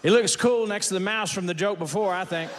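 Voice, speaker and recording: A man works a stand-up set in a high, bright-pitched voice, rattling off folksy one-liners. His voice rings out in a long hall reverb. Faint noise sits under the recording. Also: brisk. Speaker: stand-up comedian. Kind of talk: stand-up routine. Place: stage before a laughing audience.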